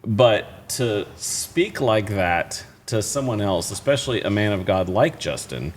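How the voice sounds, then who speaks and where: A man's voice: fairly low pitch, expressive, measured pace. A man co-hosting a casual local podcast, rambling and repeating words with many fillers. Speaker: podcast co-host. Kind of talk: casual chat.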